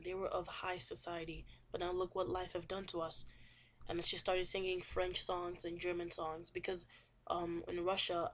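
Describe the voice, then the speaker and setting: A woman's voice: on the low side, a bit bright. A young woman casually retelling a novel chapter in a chatty, rambling way, full of fillers and repeats. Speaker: student summarizing a novel chapter. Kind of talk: casual spoken book summary.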